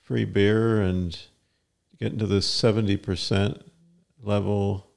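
A man's voice: on the low side, flat delivery, slow, gravelly, darkish tone. An older man co-hosting a podcast with his daughter, musing in casual chat and cracking dry puns. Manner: musing, dry punning humor. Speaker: co-host, the host's father.

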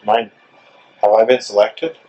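A man's voice: fairly low pitch, measured pace, creaky, warm tone, dull audio. Chatty joking man interviewing outdoors. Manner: joking, chatty, rambling asides. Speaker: podcast host. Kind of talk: casual interview chat. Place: outdoors in front of a store.

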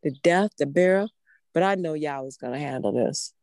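A woman's voice: sits low, normal speed, darkish tone, dry recording. A woman preaching a sermon in a fervent, emphatic way, repeating phrases for stress. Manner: fervent, emphatic, with emotional laughs.

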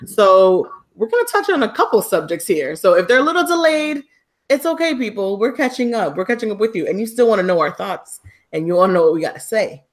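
A woman co-hosting a podcast live, chatting in an upbeat, excitable way and laughing easily. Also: medium pitch, fairly quick. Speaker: podcast co-host. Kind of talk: casual live-stream chat.

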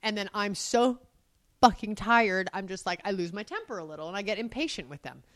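A woman's voice: mid-range voice, expressive, brisk, a bit bright, no room sound. A woman chatting casually with her partner, telling stories candidly and animatedly, with some swearing. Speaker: mother and co-host. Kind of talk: casual couple chat.

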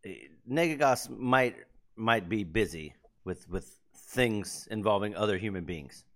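Low-voiced joking male podcast host. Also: expressive, measured pace, a bit bright. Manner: hype-man introductions, loose and joking. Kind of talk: casual chat.

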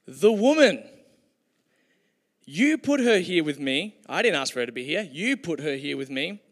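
Preacher putting on a whiny, pleading first man passing the blame, high-pitched, big reverberant hall. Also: very animated, normal speed. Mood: defensive. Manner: defensive, pleading.

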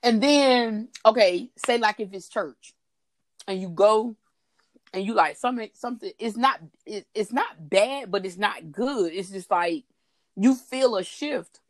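A woman's voice: medium pitch, unhurried, no echo, clean studio sound. A woman co-hosting a faith talk broadcast, chatty and laughing often as she talks. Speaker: podcast co-host. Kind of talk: casual faith talk chat.

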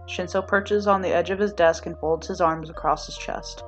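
A woman reading fan fiction aloud in a steady storytelling manner. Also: fairly low pitch, normal speed, faint music behind. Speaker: podfic reader.

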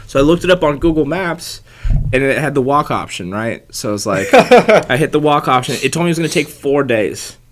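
A man's voice: fairly high pitch, big pitch swings, a little fast. A young man in his twenties telling a rambling travel story in casual chat, full of "like" and casual swearing. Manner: rambling, fillers like "like" and frequent swearing.

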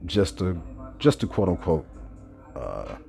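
Deep-voiced stoned man hosting a podcast. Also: big pitch swings, creaky, dark tone. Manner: slow, laid-back, with many pauses and self-corrections. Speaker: podcast host. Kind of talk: casual monologue podcast. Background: faint background music.

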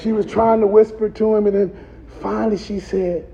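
A man preaching a funeral sermon as pastor, whooping and shouting in a rising chanted cadence. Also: high voice, little pitch movement, normal speed, vocal fry, dull audio. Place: church sanctuary.

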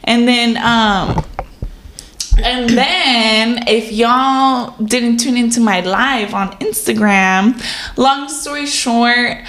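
Animated woman telling a story in an echoey room. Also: on the high side, very slow, slight background noise. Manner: animated storytelling, swears often, many "like" fillers. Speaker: podcast co-host. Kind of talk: casual chat, storytelling.

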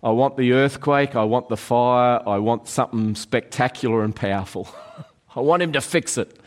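A middle-aged pastor delivers an earnest sermon in a mid-pitched voice. He often slows down and softens to a near hush on key phrases, then picks up again. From Australia.

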